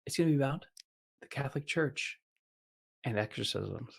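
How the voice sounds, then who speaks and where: A man's voice: mid-range voice, expressive, moderate pace, creaky, slightly rough. Rambling man hosting a casual podcast. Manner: rambling, heavy use of "like" fillers, swears casually. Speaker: podcast host. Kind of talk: casual chat.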